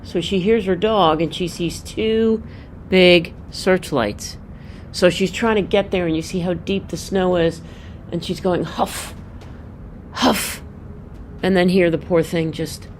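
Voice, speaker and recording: Woman, deep voice, unhurried; gentle picture-book read-aloud for children. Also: a little hiss or hum. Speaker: storyteller walking through a picture book.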